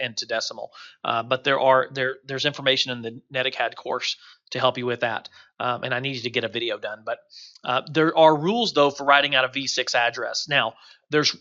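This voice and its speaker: A man's voice: medium pitch, bright, forceful tone, muffled recording. A man teaching a recorded course lecture over slides, talking loosely with many fillers and restarts. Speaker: instructor.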